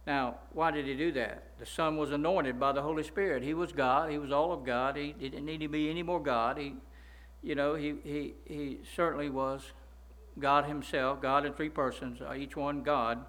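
Emphatic higher-voiced male preacher. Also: steady tone, moderate pace, a bit bright. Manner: emphatic, repeats words, asks listeners "right?". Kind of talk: sermon.

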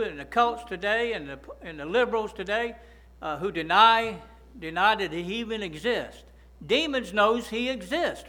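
Male pastor, high and ringing voice, preaches and keeps checking in with the pews. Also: bright, forceful tone, poor audio. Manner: preaching with frequent "right?" and "amen?" prompts to the congregation. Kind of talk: sermon.

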